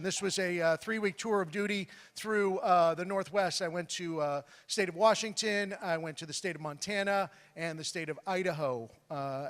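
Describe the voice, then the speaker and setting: High-voiced man telling road stories. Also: a bit bright. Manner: rambling, many fillers and restarts. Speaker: comedian and magician. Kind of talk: stand-up storytelling. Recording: long hall reverb.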